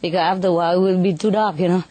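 A woman's voice: on the low side, steady tone, rapid-fire, mellow, no echo. A woman telling stories about her birds in a casual interview, chatty, laughing often and tagging lines with "you know". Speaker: bird keeper telling stories.

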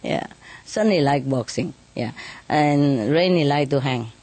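A woman's voice: low-pitched, expressive, unhurried, warm tone, dry recording. A woman telling stories about her birds in a casual interview, chatty, laughing often and tagging lines with "you know". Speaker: bird keeper telling stories.

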